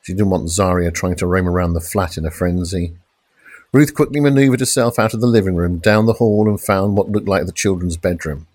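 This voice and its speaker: A man reads a police thriller in steady, dramatic narration. His voice sits on the low side and sounds dry and close, with no room around it. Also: no echo. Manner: measured, dramatic crime reading with shouted police lines. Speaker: audiobook narrator. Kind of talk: scripted narration.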